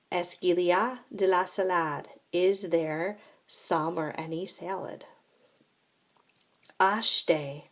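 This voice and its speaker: A woman teaching a recorded French lesson at an unhurried pace, explaining each point patiently and checking in with "right?" and "okay?". Her voice sits somewhat low.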